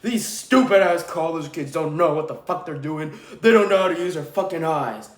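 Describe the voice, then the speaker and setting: A man's voice: a little high, animated, normal speed, lightly acted. A man voicing a boastful, arrogant male tree worker, sneering and profane. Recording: roomy echo.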